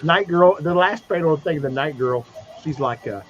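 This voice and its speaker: A man on a livestream video call recapping a comic book in a profane, animated way, slipping into mocking voices for the characters. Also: fairly high pitch, normal speed. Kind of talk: casual livestream chat. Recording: dull lo-fi stream audio with noise.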